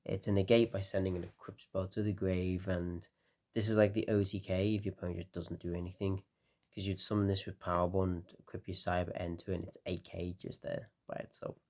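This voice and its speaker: A tired man talking casually through a card game deck, relaxed and rambling with lots of fillers. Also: low voice, a little fast.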